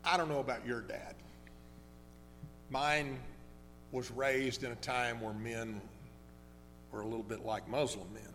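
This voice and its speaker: A man's voice: medium pitch, steady tone, fairly bright tone. Man preaching in a reverberant hall. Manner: conversational, halting storyteller with many restarts. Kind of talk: sermon storytelling. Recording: long hall reverb with faint hum.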